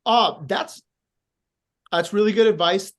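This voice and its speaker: A wrestler asks for advice in a casual, interview-style way, rambling with lots of "like," fillers, and false starts, sounding eager and apologetic. His voice is high and fairly bright, and he takes it slowly.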